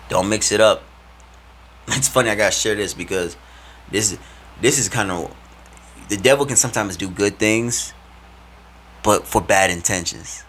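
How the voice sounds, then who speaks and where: A man in a relaxed vlog who preaches with plenty of slang and animated emphasis. His voice sits fairly low. Faint ambient noise sits behind him. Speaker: vlogger. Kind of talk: casual faith talk to camera.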